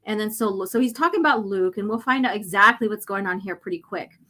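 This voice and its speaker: A woman hosting a casual livestream and reading a comic aloud, rambling with many fillers and often clearing her irritated throat. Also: mid-range voice, normal speed, few pauses, pushed and bright.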